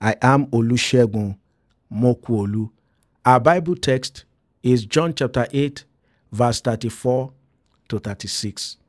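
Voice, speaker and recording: A male pastor delivers a short daily devotional sermon in an earnest, emphatic voice of middling pitch. He slows right down to hammer home his key points. The recording is dry and close, with no room sound. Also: no room sound. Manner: earnest, emphatic, slowing down to stress key words. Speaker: pastor and devotional podcast host.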